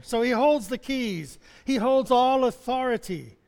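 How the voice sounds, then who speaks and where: A man's voice: extremely high pitch, animated, a little slow, creaky, few pauses, darkish tone. A male chaplain preaching a sermon in a loose, conversational way, chuckling often and stumbling into restarts. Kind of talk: sermon with personal stories. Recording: long hall reverb.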